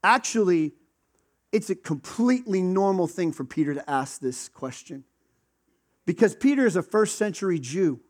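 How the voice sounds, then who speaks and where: A man with a high voice preaches a sermon. His delivery is conversational, and he breaks into quick acted voices for the people in the stories he tells. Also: lively intonation. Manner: conversational, acts out quoted voices. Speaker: pastor.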